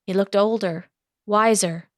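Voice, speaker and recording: A woman's voice: medium pitch, steady tone, unhurried, no echo. Woman narrating an audiobook, dry and close.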